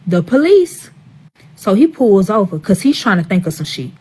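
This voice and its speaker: A woman recounting a wild personal story straight to camera in a casual storytime vlog. She swears constantly and plays up the drama, speaking to her audience as friends. Her voice sits at an ordinary middle pitch for a woman. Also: big pitch swings, moderate pace, dark tone, husky. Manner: profane, dramatic, talks to the audience directly.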